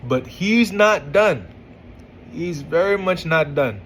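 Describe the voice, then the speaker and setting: A man's voice: a little high, lively intonation, takes it slowly, fairly bright tone, a little hiss or hum, low-quality recording. A man casually reading out and reacting to a couple's text argument, exasperated and incredulous, often stumbling and restarting his words. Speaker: commentator reading text messages.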